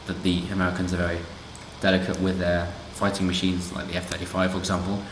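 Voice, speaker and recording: A man's voice: sits low, monotone, fast talker, background noise. A man doing casual commentary on a news story, sarcastic and rambling with asides. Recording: roomy echo.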